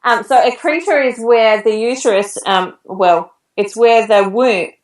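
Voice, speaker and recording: A woman's voice: a little high, a little slow, recorded from a distance. A woman in her thirties, a podcast guest, telling a personal story in a chatty way and laughing now and then. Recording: roomy echo, set back from the mic.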